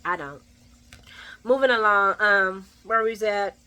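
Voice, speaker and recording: A woman giving a casual, profane daily soap opera recap with animated asides. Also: medium pitch, slow, pauses often, poor audio.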